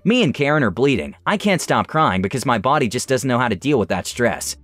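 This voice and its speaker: A young man reading online stories aloud with an animated, expressive delivery. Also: medium pitch, brisk, no room sound, faint music behind. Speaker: story reader.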